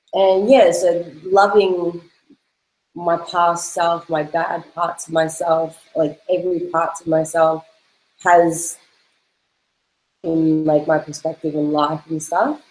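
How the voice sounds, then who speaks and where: A woman's voice: fairly low pitch, little pitch movement, takes it slowly, long pauses, darkish tone, roomy sound, poor audio. A woman speaking in a casual question-and-answer chat, earnest and searching for words, laughing at herself now and then. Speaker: host's girlfriend, guest.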